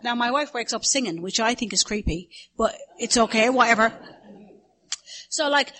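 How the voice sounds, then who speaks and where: A woman's voice: fairly high pitch, lively intonation, normal speed, fairly bright tone. Candid middle-aged Irish woman. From Ireland. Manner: candid and self-mocking, acts out others' voices. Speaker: recovery meeting speaker. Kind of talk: personal story told to a meeting.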